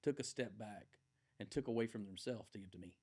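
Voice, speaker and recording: A man in his forties, appearing as a podcast guest, spins a long anecdote casually and ramblingly, with plenty of fillers. His voice is on the low side, a bit fast and slightly mellow.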